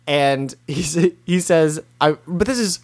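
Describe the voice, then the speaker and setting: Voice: mid-range voice, unhurried, a little mellow. A speaker casually recounting game scenes to a friend, acting out the characters' lines along the way. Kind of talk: casual chat about a video game.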